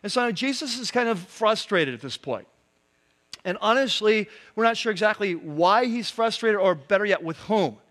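Male pastor, high voice, casual talky sermon delivery. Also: lively intonation, moderate pace, a bit bright. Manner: conversational preaching with many asides and "right?".

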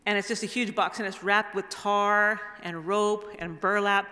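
A woman's voice: medium pitch, fairly even intonation, normal speed. A woman giving a guest sermon, telling stories in a rambling way with restarts and asides. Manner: rambling, warm storytelling with restarts. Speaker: guest speaker. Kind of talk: storytelling sermon. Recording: reverberant hall.

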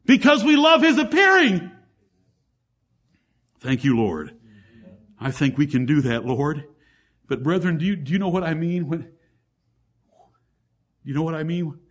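Fervent preaching man, higher voice. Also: moderate pace, pauses often, breathy edge. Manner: swings from fervent raised preaching to quiet intimate asides; addresses congregation as brethren, rhetorical questions. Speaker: pastor. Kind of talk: sermon.

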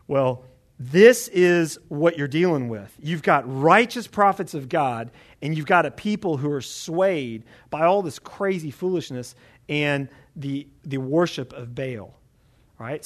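A man preaching a Bible teaching sermon in a conversational, animated way, often checking in with the listeners. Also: a little high.

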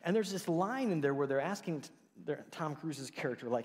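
Animated male preacher in a reverberant hall. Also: fairly high pitch, fairly quick. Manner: conversational, animated, acts out quoted voices. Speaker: pastor. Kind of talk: sermon.

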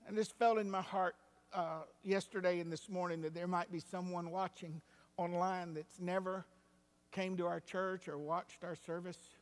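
A male pastor preaching a sermon, moving between hushed, quiet passages and loud, rising climaxes. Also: high-pitched, fairly even intonation, moderate pace. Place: church sanctuary. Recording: long hall reverb.

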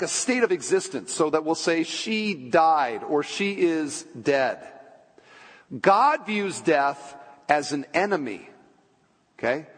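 A male pastor with a fairly high, slightly husky voice preaches to his congregation. He talks in a conversational way, poses questions, slips in playful asides, and sinks into a hushed tone for the weighty parts. His words ring out with the long reverb of a church sanctuary. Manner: drops low and quiet for solemn points. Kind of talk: sermon.

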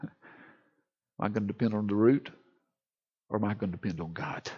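Male pastor, husky, impassioned pulpit delivery, hushed to loud, muffled recording. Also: lowish voice, a little fast. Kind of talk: sermon.

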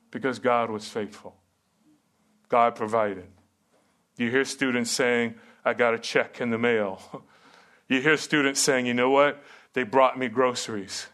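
A man's voice: a little high, fairly bright tone. A middle-aged man preaching a sermon and teaching at a seminary, earnest and emphatic with rhetorical questions.

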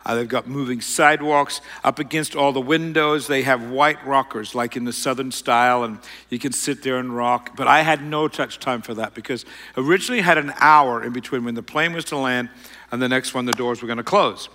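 A man's voice: medium pitch, a little fast, big-room sound. Middle-aged man telling a rambling story. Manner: rambling, self-mocking, animated retelling. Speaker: speaker telling a personal story. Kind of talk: storytelling talk to an audience.

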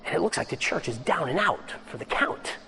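A man preaching a sermon as pastor, swinging between loud excited bursts and low hushed lines. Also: a little fast, creaky, breathy edge.

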